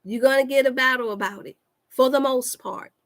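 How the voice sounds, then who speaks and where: A woman's voice: sits high, brisk. A woman health coach giving a fervent, preacher-like talk on a livestream. She repeats lines for emphasis and calls out to her listeners.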